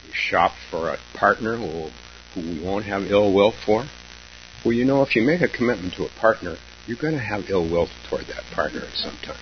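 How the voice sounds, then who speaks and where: On a dull lo-fi recording with a faint hum, a man teaching Zen offers a slow, pausing dharma talk, laughing softly as he reflects. His voice is on the low side and expressive.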